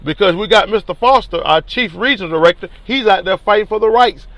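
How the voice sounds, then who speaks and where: A man, a teachers union leader telling a story in an animated, colloquial and emphatic way. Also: sits high, fairly quick, dry recording. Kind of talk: casual spoken storytelling.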